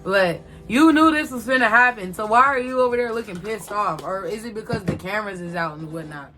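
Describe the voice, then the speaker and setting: A woman's voice: mid-range voice, a little fast, bright, forceful tone. Young woman, casual storytime, slangy, candid, faint background music. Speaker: vlogger telling a personal story.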